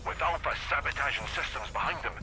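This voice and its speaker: A man's voice: on the high side, fast talker, loud music behind the voice, natural voice, rough recording. An actor playing a male soldier commander giving terse, urgent orders in a shooter game. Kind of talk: game dialogue.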